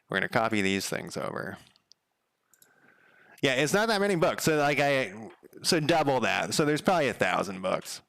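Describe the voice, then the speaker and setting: A man's voice: on the low side, vocal fry, fairly bright tone, no echo. A man live-streaming while he codes a game, chatting casually in a rambling, profane way and counting under his breath. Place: home room.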